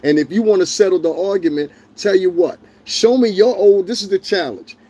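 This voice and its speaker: A man's voice: sits high, a little fast, warm tone. A man hosting a livestream, ranting in a heated, profane, confrontational way and talking directly to his chat viewers. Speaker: livestream host.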